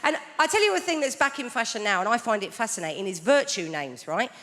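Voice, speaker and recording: Woman comic, forties, dry storyteller, slightly high voice; live theatre reverb with background noise. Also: lively intonation, quick pace, fairly bright tone. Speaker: stand-up comedian. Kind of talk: stand-up routine. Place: large theatre stage.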